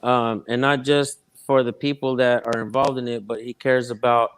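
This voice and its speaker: Male guest, smooth resonant voice, relaxed, slangy, full of fillers. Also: mid-range voice, normal speed. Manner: laid-back, heavy fillers, slangy. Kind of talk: casual livestream chat.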